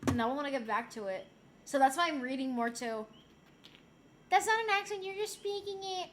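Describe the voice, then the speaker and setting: A woman's voice: high voice, lively intonation, a little fast, fairly bright tone, slight background noise. A young adult woman streamer chatting casually and reading chat aloud. She swears freely, laughs often, and has a slightly sore throat.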